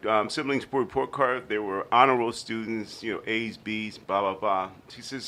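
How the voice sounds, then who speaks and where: A man's voice: medium pitch, moderate pace, hardly any pauses. A man being interviewed on a radio show, telling personal stories and acting out the people in them. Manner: animated storyteller, acts out quotes. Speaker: guest.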